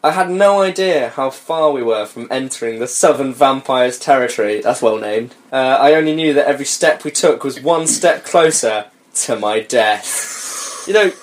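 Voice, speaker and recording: A man's voice: mid-range voice, expressive, normal speed. A young man reading a story aloud on a comedy podcast, breaking off for sarcastic, sweary remarks and frequent laughter.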